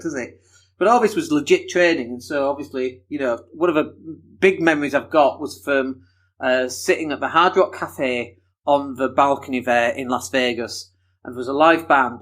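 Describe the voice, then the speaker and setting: Male podcast host, fairly high voice, casual rambling monologue, laughs at himself. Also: a bit bright. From Leeds, England. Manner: chatty, enthusiastic, self-deprecating, laughs often.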